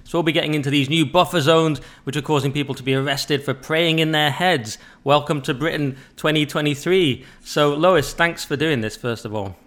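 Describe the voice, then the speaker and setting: A man hosting a podcast in a loose, conversational way. He banters and makes sarcastic jokes at a fairly high pitch for a man. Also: normal speed, hardly any pauses, fairly bright tone. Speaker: podcast host. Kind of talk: casual podcast interview.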